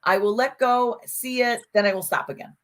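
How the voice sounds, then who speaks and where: A woman's voice: a little high, moderate pace. A woman co-hosting a casual conversation podcast, telling stories with lots of restarts and acted-out quotes. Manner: animated storyteller, frequent restarts and acted-out quotes. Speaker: podcast co-host.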